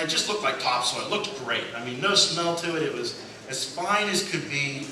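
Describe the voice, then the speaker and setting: In a church sanctuary, a man with a somewhat high, expressive voice preaches at a normal speed. His sermon is storytelling full of humor, with acted-out voices for the people he quotes and laughter at his own jokes. The recording is distant, echoey, and noisy.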